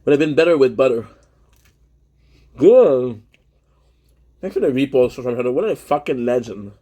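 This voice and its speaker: A man's voice: medium pitch, lively intonation, moderate pace, dark tone, breathy edge. A young man with a Québécois accent, chatting casually on a livestream while eating, switching between French and English and greeting viewers.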